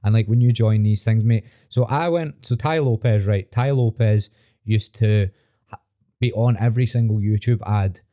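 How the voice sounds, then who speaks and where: A man hosting a laid-back podcast, his voice very dark and mellow. He chats bluntly in slang and swears freely. The sound is dull and lo-fi, though dry and close. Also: fairly low pitch, moderate pace, dry recording. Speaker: podcast host. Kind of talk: casual podcast chat.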